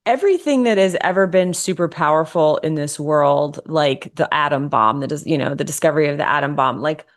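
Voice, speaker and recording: A woman's voice: sits low, a little fast, hardly any pauses. A woman co-hosting a podcast in casual chat, explaining ideas at length in a reflective way. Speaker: podcast co-host.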